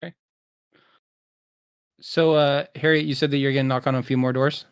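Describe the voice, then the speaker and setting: A man's voice: mid-range voice, flat delivery, normal speed, clean tone. A man narrating as game master of a tabletop role-playing game, rambling with many fillers as he builds scenes.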